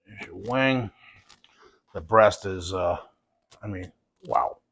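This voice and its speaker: A fairly low-pitched man hosts a casual cooking demonstration. He sounds enthusiastic and folksy as he chats with his viewers. His delivery stays relaxed and conversational. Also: takes it slowly, gravelly, breathy edge. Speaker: cooking show host.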